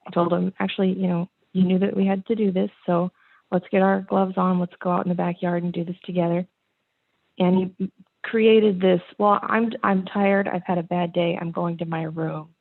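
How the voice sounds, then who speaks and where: A woman's voice: lowish voice, flat delivery, moderate pace, vocal fry, no echo. A woman calling in as a mother, talking hesitantly with fillers and laughing often. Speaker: caller, mother. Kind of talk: call-in conversation. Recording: tinny phone-like line.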